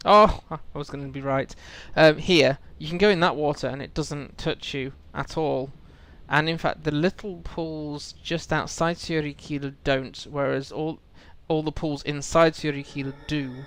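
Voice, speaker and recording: His voice a little high, slightly bright and clean, a man streams a game and talks about its lore in a loose, musing, filler-heavy way. The tone stays steady at a normal speed, with barely any pauses in this casual stream chat.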